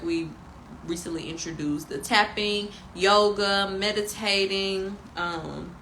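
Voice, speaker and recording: Bright-voiced woman reading tarot. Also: medium pitch, slight background noise, rough recording. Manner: emphatic and preachy, with slangy asides. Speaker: tarot reader and spiritual guide. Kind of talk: casual tarot reading with spiritual pep talk.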